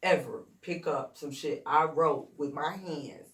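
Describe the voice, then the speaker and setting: A woman's voice: low voice, measured pace. A woman from Chicago's west side, a rapper in an interview, telling her story bluntly and profanely with lots of energy. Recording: roomy echo, distant mic.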